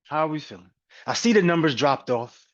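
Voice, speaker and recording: Upbeat coach calling out names. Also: male voice, fairly high pitch, fairly quick. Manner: energetic, repetitive shout-outs. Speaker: coach hosting a group call. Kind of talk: upbeat live-call hosting. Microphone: video call. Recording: dull, lo-fi call audio.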